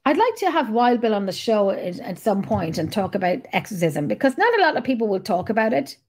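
A woman's voice: mid-range voice, sing-song, a little fast, a little mellow. A middle-aged woman hosting a podcast. She talks in a rambling, chatty way and swears freely. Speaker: podcast host. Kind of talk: casual chat.

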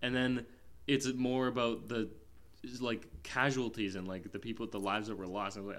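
A man's voice: fairly low pitch, level tone, normal speed, fairly bright tone. A man co-hosting a film review podcast, talking casually. He rambles and restarts, stringing thoughts together with frequent fillers. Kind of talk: casual chat.

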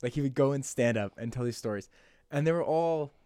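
A young man in his twenties chatting casually, full of fillers and quick to chime in. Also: medium pitch, warm tone, smooth, dry recording, clean studio sound. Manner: fast, filler-heavy, chiming in. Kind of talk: casual chat.

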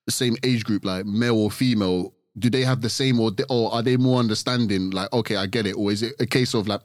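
A man hosting a relaxed chat, working his way through long questions. His voice is fairly low and sounds dry and close to the mic. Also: quick pace, hardly any pauses, no echo. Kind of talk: casual podcast conversation.

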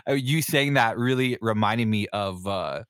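Low-voiced man telling casual stories. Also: a little slow, a bit bright, clean tone, no echo, clean studio sound. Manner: rambling, with many fillers, swearing and laughter. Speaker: podcast host; Navy veteran. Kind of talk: casual storytelling chat.

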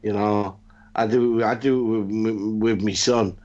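A man's voice: lowish voice, fairly even intonation, measured pace, a little mellow. Rambling man, slightly muffled. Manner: rambling, swears, repeats words. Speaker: podcast co-host. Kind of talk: casual wrestling chat.

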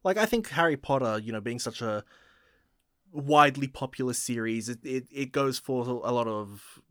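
A man co-hosting a podcast in casual chat, explaining things in a measured way with some hesitations. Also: mid-range voice, animated, fairly bright tone, no room sound, clean studio sound. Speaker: podcast co-host.

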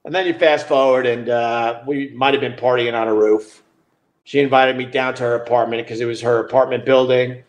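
A man's voice: mid-range voice, fairly even intonation, a little fast, lo-fi sound. A middle-aged man hosting a podcast, telling a story in a loose, profane way. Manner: loose and profane, with frequent restarts and laughter. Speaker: podcast host. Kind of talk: casual storytelling.

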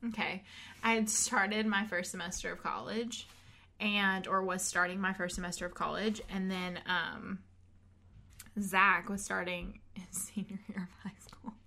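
A woman's voice: medium pitch, level tone, unhurried, vocal fry, pushed and bright. A woman in her twenties hosts a casual podcast chat in a mid-range voice. She tells her story animatedly, laughing often and slipping into the voices of the people she quotes. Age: 20s. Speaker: podcast host.

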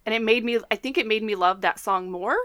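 A woman's voice: on the high side, a little fast, a bit bright, dry recording. A woman co-hosting a podcast in casual chat, talking chattily and enthusiastically with lots of fillers. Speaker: podcast co-host.

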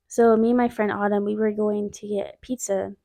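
A woman's voice: mid-range voice, level tone, normal speed, creaky, warm tone. A young woman hosting a podcast, telling a personal faith testimony in a casual, chatty way, with many fillers and asides to her listeners. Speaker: podcast host.

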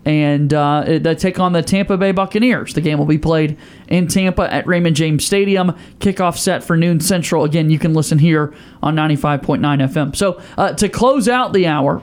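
A man's voice: fairly high pitch, fairly quick. A man hosting a sports radio show, chatting playfully with fillers and hesitations. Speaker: radio host. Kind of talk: casual sports radio banter.

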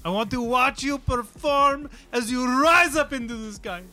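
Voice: sits high, moderate pace, sharp tone, faint music behind, pitched above the performer's own voice. A game master voicing Marco, a massive, extravagant male shop owner who gushes in broken English during a tabletop game. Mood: gushing. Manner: broken English, gushing and theatrical.

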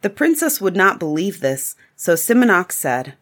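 A woman reading a fairy tale aloud in a calm, measured storybook narration. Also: fairly low pitch.

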